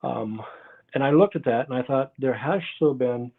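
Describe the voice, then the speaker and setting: A man's voice: mid-range voice, moderate pace. A man telling stories as an interview guest, rambling and often losing his train of thought, heard over a video call. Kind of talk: casual interview storytelling. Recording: tinny phone-like call audio.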